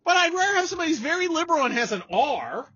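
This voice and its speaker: A man talking through a casual political chat, his voice husky and bright, his pitch swinging widely as he rants and mocks. The recording sounds dull and lo-fi. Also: rapid-fire. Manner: sarcastic, animated, mocking impressions. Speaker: podcast host.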